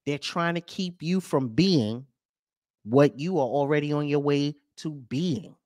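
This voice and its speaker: A man hosting a podcast, ranting over news clips with profanity and rhetorical questions, swinging between loud and soft. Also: fairly high pitch, a little slow, no echo, clean studio sound. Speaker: podcast host.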